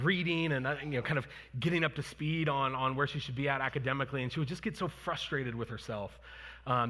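Bright, husky-voiced pastor in a reverberant hall. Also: male voice, mid-range voice. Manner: earnest, conversational, with fillers and restarts. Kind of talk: sermon and prayer. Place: church sanctuary. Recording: long reverb of a church hall.

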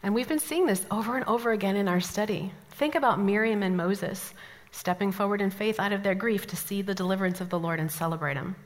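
A woman from the American Midwest teaching a Bible study, telling stories with lively asides. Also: medium pitch, fast talker. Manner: animated storytelling, lively asides. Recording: long hall reverb.

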